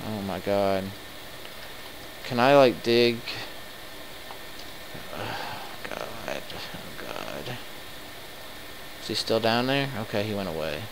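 A man commenting live on his game, excitable and quick to swear in frustrated outbursts. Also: lowish voice, creaky, slight background noise, poor audio. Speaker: let's play gamer.

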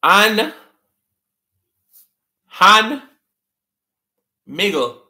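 Jamaican guy on a live stream, high voice, slow easy pace, echoey room. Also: very animated, bright, forceful tone. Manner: laughs often while reading out viewer comments. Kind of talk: casual live-stream chat with viewers.

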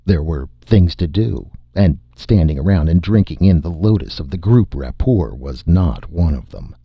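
A man narrating an audiobook in a measured, steady way, in a slightly muffled recording. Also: low voice, gravelly, husky, dry recording. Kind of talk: scripted narration.

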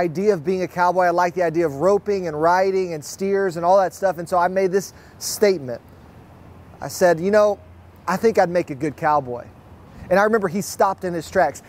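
A young man preaching, his voice pitched high for a man. He tells stories in a lively way and acts out the other speakers' lines as he goes. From Fort Worth, Texas. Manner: lively storyteller, acts out quotes. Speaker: pastor. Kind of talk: sermon with personal storytelling. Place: online church service.

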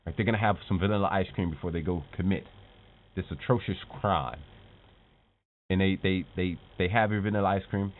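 A show host with a lowish voice talks fairly quickly, giving his viewers a relaxed motivational pep talk. He's animated, addresses them as "team," and keeps tossing in "right?" The audio is tinny and lo-fi, like it came through a phone.

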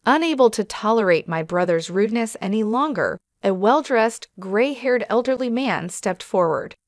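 A woman narrating a story in an even, measured manner. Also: a little high, no room sound, clean studio sound. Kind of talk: scripted narration.

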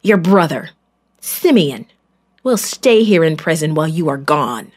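Woman doing a deep stern ruler, giving orders slow, kids' storybook style. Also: big pitch swings, heavily acted. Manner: commanding, slow and low. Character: stern young man, governor of Egypt.

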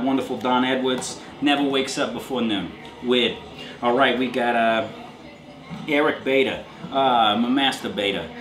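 Male host, casual and crude, joking through a donor roll call; mid-range voice with room echo. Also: medium pitch. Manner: jokey, riffs on names, crude asides. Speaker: show host reading out donors.

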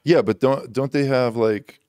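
A man's voice: mid-range voice, measured pace, a little mellow, no room sound. A man guesting on a studio podcast, chatting along in a laid-back, agreeable way. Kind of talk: casual chat.

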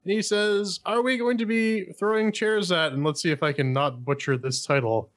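A man's voice: sits high, fairly even intonation, moderate pace, fairly bright tone. A man co-hosting a gaming podcast in casual chat. He is wry and joking, and reads listener mail aloud. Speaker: podcast co-host.

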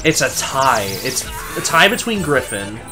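A man casually riffs and jokes while watching a game being played. His voice is animated and moves around a lot. Game music runs underneath. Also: mid-range voice. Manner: playful, teasing, quick laughs. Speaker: gaming co-host. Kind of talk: casual gameplay commentary.

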